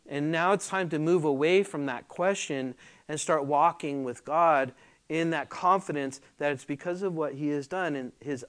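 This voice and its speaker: A man preaching a sermon, teaching through a Bible passage with conversational asides and fillers, growing louder and more emphatic when reading verses aloud. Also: a little high. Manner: slow and deliberate, rising loudly when reading scripture aloud. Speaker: pastor.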